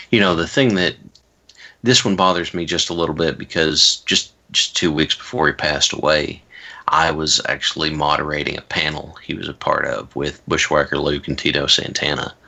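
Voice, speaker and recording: A man's voice: rumbling low, vocal fry, pushed and bright. A man telling rambling stories in a casual chat, with wry asides and frequent restarts.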